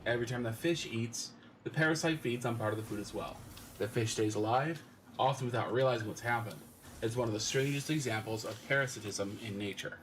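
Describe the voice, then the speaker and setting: A man's voice: mid-range voice, fairly quick, a little hiss or hum. A man chatting on a gaming stream, reading chat messages aloud and explaining things in detail.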